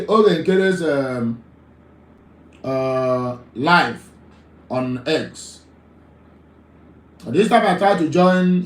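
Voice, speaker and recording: A man's voice: fairly high pitch, reverberant, rough recording. A Nigerian man hosting a live call-in talk show, emphatic, often repeating his phrases.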